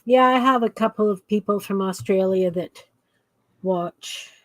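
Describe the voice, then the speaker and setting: A woman's voice: mid-range voice, unhurried, dry recording, poor audio. A woman guest on a craft live stream, chatting casually and mostly agreeing with the host. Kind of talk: casual chat.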